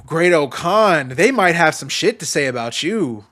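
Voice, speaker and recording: A man hosting a casual wrestling podcast, excitable and profane, laughing often as he talks. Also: a little high, a little slow. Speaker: podcast host.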